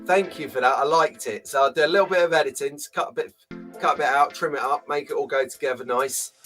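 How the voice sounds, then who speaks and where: Chatty host, slightly high voice. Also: male voice, fast, a bit bright, faint music behind. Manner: chatty, jokey, greets viewers by name. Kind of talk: casual live-stream chat. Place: small home room.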